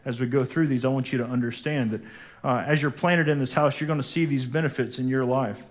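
A pastor preaches emphatically in a church sanctuary, calling on the congregation to repeat after him. His mid-range voice moves fairly quickly with fairly even intonation.

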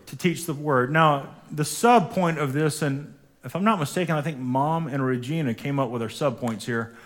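A man's voice: on the high side, normal speed. A man, a pastor preaching a sermon in a church and calling on the congregation to repeat after him. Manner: emphatic preaching, calls for congregation responses. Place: church sanctuary.

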